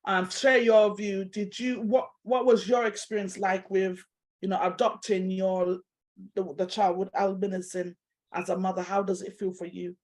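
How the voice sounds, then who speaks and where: A woman's voice: medium pitch, little pitch movement, normal speed, a little mellow, poor audio. A woman hosting an online panel discussion over a video call, speaking with emotion as she holds back tears. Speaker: host.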